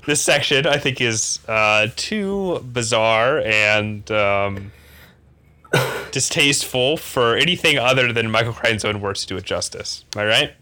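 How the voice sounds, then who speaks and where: A man co-hosting a comedy podcast in a playful, teasing manner. His voice is bright and sharply forward. He keeps nudging his partner along with mock-serious suggestions. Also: mid-range voice, unhurried. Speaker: podcast co-host. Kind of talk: comedic book discussion.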